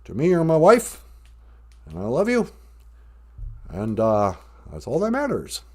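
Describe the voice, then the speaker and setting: A man puts on a male ex-president for a comedy call-in bit. His pitch sits a little high and leaps around widely. He speaks in halting, earnest phrases broken by drawn-out pauses. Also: wildly swooping pitch, exaggerated voice. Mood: tender. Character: male ex-president, measured, halting politician cadence.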